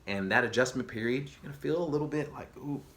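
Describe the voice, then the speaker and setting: Slangy, energetic man vlogging. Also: mid-range voice, quick pace, a little hiss or hum. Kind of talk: casual direct-to-camera talk.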